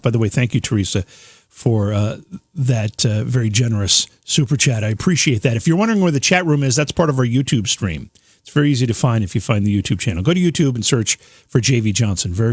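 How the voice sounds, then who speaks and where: Man host, losing his voice, mid pitch, dry close sound, rambling with fillers. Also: no room sound. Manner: informal, rambling, with fillers and restarts. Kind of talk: radio talk show hosting.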